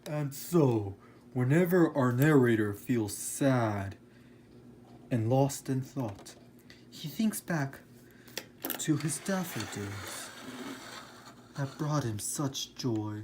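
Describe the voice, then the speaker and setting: A man as an earnest male romantic poet, lecturing tone, slow pace, faint background hiss. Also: medium pitch, lively intonation, darkish tone. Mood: explaining. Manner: lecturing, explanatory.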